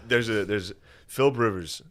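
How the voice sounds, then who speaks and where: Young male podcast host, lowish voice; relaxed banter that breaks into loud, animated impressions. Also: normal speed. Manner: animated storytelling, bursts into loud yelling impressions. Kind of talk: casual chat.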